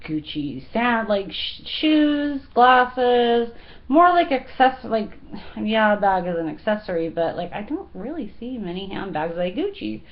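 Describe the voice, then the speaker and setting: A woman's voice: medium pitch, very animated, measured pace, dull audio. A woman in her thirties chatting casually to her viewers, giggly and full of fillers. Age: 30s. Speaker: fashion vlogger. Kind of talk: casual chat.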